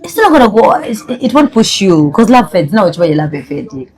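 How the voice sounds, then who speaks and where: A woman's voice: medium pitch, sing-song, brisk, darkish tone, husky. A woman hosting a casual chat, switching between English and Luganda, teasing and then apologetic. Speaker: host.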